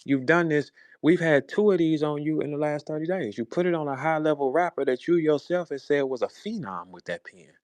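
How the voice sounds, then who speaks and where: Heated, animated man in his forties. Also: fairly high pitch, brisk, hardly any pauses, dry recording. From St. Louis, USA. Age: 40s. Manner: confrontational, profane, animated. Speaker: rapper. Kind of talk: heated rant in an audio chat room. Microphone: phone in an online audio room.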